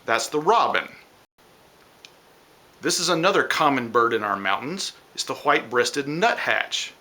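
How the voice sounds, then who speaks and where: A man's voice: medium pitch, big pitch swings, unhurried, background noise. A man teaching children a science lesson, explaining step by step and imitating bird calls.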